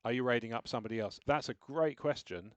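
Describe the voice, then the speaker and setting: Fast and smooth at medium pitch, with no echo, this man streams games live and chats loosely. He works through his setup out loud, narrating his on-screen moves in a rambling, self-mocking way.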